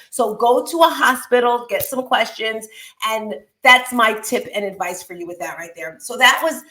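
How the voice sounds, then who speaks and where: A woman's voice: on the high side, a bit bright. A middle-aged woman hosting a show, talking casually and with lots of animation, often laughing as she shares personal stories and advice. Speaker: podcast host. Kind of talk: casual motivational talk.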